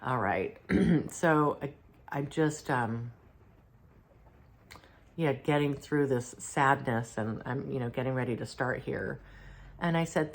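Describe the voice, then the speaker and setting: A middle-aged woman with an unusually deep, low-pitched voice tells of a spiritual channeling session. She sounds a little unwell and clears her throat now and then. Her delivery is halting and reflective, with many pauses and restarts. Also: a little hiss or hum. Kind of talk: casual first-person account.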